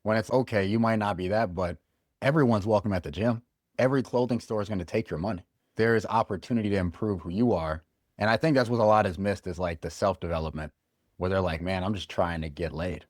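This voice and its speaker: Fast-talking deep-voiced male podcast host. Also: darkish tone, no echo, clean studio sound. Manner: eager, thinks aloud with many "like" fillers. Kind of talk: casual podcast conversation.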